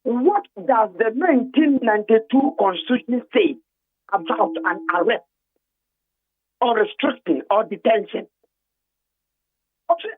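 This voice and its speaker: A man phones in to a radio talk show, his high voice coming through a thin, tinny phone line. He talks emphatically and drives his points home by repeating words over and over. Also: expressive, a little slow, long pauses. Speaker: phone-in guest. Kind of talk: animated phone-in account.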